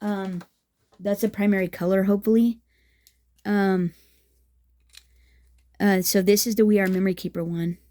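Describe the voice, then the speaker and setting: A woman's voice: mid-range voice, steady tone, normal speed, long pauses, mellow. A woman chatting casually through a craft tutorial, enthusiastic and thinking aloud as she works. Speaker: craft vlogger.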